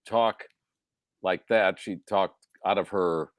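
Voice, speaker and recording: A man's voice: low-pitched, steady tone, slow, dry recording, clean studio sound. A man hosting a casual live show, joking around and reading out listener check-ins. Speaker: host.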